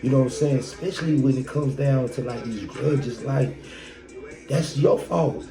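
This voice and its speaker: A man hosting a podcast delivers a blunt, profane motivational monologue packed with rhetorical questions. His gravelly voice sits in the mid range at a moderate pace. The room is echoey, with loud music playing behind him.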